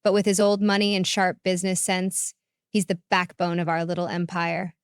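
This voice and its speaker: A woman narrating a first-person story in a calm, reflective way. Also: on the low side, normal speed, clean tone, no echo, clean studio sound.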